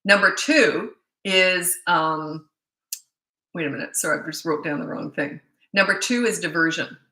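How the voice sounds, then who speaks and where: A woman's voice: on the low side, measured pace, sharp tone, roomy sound, low-quality recording. A middle-aged woman parenting coach answering viewer questions in a blunt, emphatic way, often restarting her sentences.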